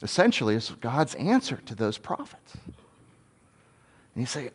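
A man's voice: mid-range voice, very animated, measured pace, pauses often, husky. A man giving a conversational sermon, earnest and candid, thinking aloud as he goes.

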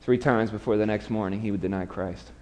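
A man's voice: lowish voice, steady tone, fairly quick, a little mellow, in a large hall. Man preaching a dramatic sermon. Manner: dramatic storytelling, acts out quotes with raised voice. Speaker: pastor.

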